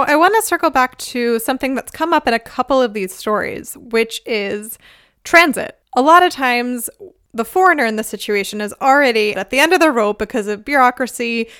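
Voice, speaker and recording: A woman podcast host introduces the next segment in a measured, reflective way. Her voice sits a little high and sounds smooth and crisp, recorded dry and close. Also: a bit bright, dry recording. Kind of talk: scripted podcast narration.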